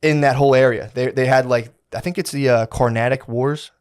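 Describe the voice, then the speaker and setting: A man of middle pitch co-hosts a podcast, telling a story in loose, slangy chat. He swears freely and drops into little voices for the people he describes. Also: steady tone, brisk, a little mellow, smooth. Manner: rambling, slangy, profane, acts out quotes. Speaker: podcast co-host.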